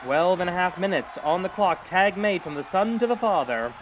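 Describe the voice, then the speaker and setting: A man doing excitable, jokey play-by-play commentary for a wrestling show. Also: high voice, normal speed, highs cut off. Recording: loud crowd and noise behind.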